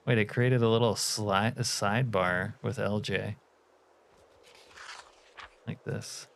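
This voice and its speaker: A man's voice: on the low side, steady tone, normal speed, creaky, a bit bright, slight background noise. A man streaming a game live, chatting casually with his viewers in a joking, profane way. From California. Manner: joking, profane banter with chat.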